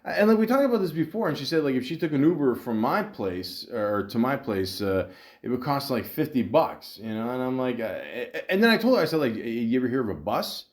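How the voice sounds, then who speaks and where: A man's voice: medium pitch, very animated, a little fast. A man hosting a podcast, telling a frustrating dating story in a rambling, casual way, full of fillers and quoted back-and-forth. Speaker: podcast host. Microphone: podcast microphone.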